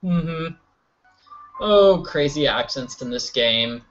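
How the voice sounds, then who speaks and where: A man chatting through a video game, joking as he goes. His pitch jumps around a lot. The recording sounds dull and lo-fi. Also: slow pace, soft background music. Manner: joking, animated, silly voices. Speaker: let's play host. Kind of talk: casual gameplay commentary.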